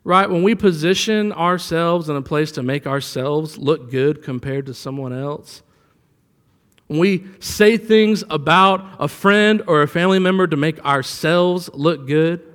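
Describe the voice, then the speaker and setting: A man's voice: fairly high pitch, measured pace, fairly bright tone, clear, resonant tone, in a large hall. A man preaching a sermon in a conversational way, telling a personal story and rising for emphasis. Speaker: pastor.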